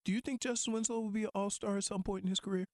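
A man's voice: high-pitched, fairly even intonation, rapid-fire, dry recording, clean studio sound. A man cohosting a casual sports talk show, teasing the others and laughing often. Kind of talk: casual banter.

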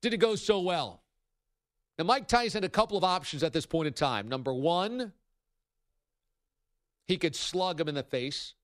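A man hosting a sports talk radio show, telling stories in a wry, animated way. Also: high-pitched, clean tone, no room sound, studio quality.

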